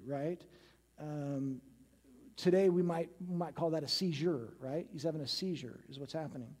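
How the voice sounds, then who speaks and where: A man with a notably high voice gives a sermon in a church sanctuary, and his words ring out with a long reverb. His delivery is casual and conversational, and he keeps tossing in tag questions to check that the congregation is following. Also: normal speed, a little mellow. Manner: casual, frequently adds tag questions like "right?". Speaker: pastor. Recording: long reverb of a large hall.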